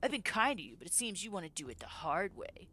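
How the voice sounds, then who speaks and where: A woman's voice: lowish voice, sing-song, quick pace, bright, forceful tone, husky, voice pushed up, full character voice. A woman voicing a menacing male thug in a game, with a sneering, threatening delivery.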